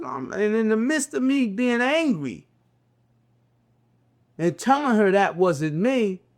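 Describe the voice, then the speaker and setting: An older man with a Southern US drawl, giving a slow, conversational religious reflection with drawn-out, repeating phrases. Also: high voice. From American South, raised in a city. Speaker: religious teacher.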